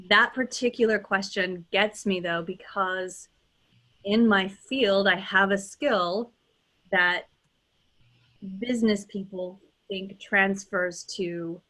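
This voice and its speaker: A woman's voice: on the low side, bright, forceful tone. Candid woman dialect coach on a call. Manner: thoughtful, candid, with frequent fillers and restarts. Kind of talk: interview answers on a video call.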